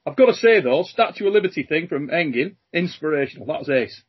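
A man hosting a podcast, joking and chatting in slangy, energetic banter. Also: a little high, a little fast, breathy edge, lo-fi sound. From Britain. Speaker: podcast host.

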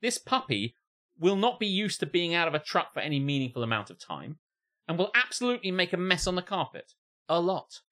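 With a high-sitting voice and a fairly quick pace, a man co-hosts a comedy podcast, reading a post aloud and riffing on it. He's animated, laughing, cursing and doing mock voices.

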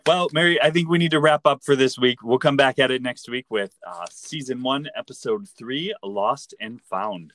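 A man's voice: medium pitch, moderate pace, hardly any pauses, fairly bright tone. A man hosting a podcast, chatting casually with wry, playful, mock-serious humor. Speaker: podcast host. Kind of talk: casual chat recapping a TV episode.

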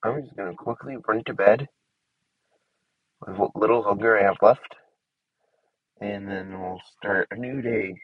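A man's voice: fairly low pitch, a little slow, vocal fry, long pauses, slightly rough, no echo, phone-quality sound. A man giving casual commentary to himself while he builds in a game. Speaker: gameplay streamer.

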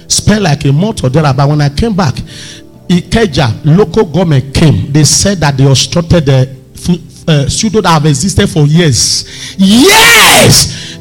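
A man preaching a sermon, telling stories with lively swings and sudden shouts. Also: a little high. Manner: animated, storytelling, bursts into shouts. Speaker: pastor.

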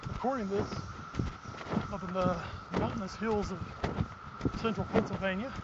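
Breathless man walking outdoors, high voice, muffled audio, loud wind and outdoor noise. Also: normal speed. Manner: talks while walking uphill, puffing. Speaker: podcast co-host. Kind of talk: casual sports talk. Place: outdoors on rural hills.

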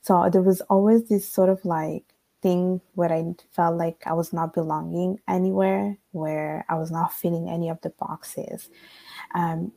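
A woman's voice: lowish voice, fairly even intonation, a little slow, gravelly, dark tone, no room sound. A woman with an Italian accent, a podcast guest telling her own story thoughtfully, in long searching runs full of fillers. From Italy. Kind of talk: reflective personal storytelling.

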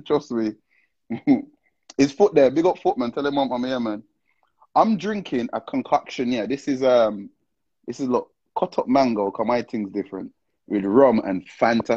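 A man chats loosely through a live stream, dropping slang and calling out viewers by name. His voice sits mid-pitch and comes across dry and close. The phone audio is dull and lo-fi. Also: expressive, normal speed, dark tone, breathy edge, no echo. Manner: slangy, greets viewers one after another, laughs often. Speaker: livestream host. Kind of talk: casual live-stream chat.

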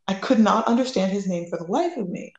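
A woman from the United States, a guest telling a personal story in a lively way, acting out the quoted lines. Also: medium pitch, brisk, roomy sound, muffled recording. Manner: lively, acts out quoted dialogue.

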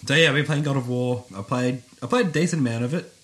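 A man's voice: mid-range voice, quick pace, fairly bright tone. Man, casual podcast co-host, easygoing and sweary. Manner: laid-back, swears freely, repeats himself. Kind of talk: casual chat.

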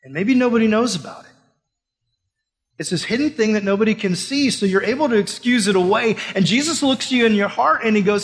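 Young male pastor, high-pitched, casual preaching style, long reverb of a hall. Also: lively intonation, a little fast. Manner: casual, conversational preaching with rhetorical questions. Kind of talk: sermon.

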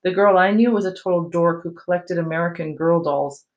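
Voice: medium pitch, fairly quick, lo-fi sound, lightly acted. A reader voicing an upset, defensive teenage girl in a book read aloud.

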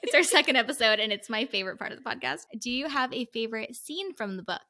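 A woman's voice: a little high, animated, quick pace, vocal fry, bright, forceful tone. Earnest woman podcast host rambling. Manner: earnest, rambling, leads the questions. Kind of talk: casual book-club chat.

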